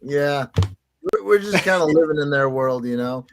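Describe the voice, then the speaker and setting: Lively joking man co-hosting. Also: on the high side, moderate pace, a little hiss or hum. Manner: jokey, playful, prone to bursts of silly voices. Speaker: podcast co-host. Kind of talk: casual comedic chat.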